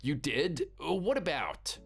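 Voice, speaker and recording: A man voicing a busy, dismissive husband, speaking impatiently over soft music. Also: fairly high pitch, sing-song, a little slow, creaky, breathy edge, exaggerated voice. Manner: impatient and brushing off. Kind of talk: animated story voice acting.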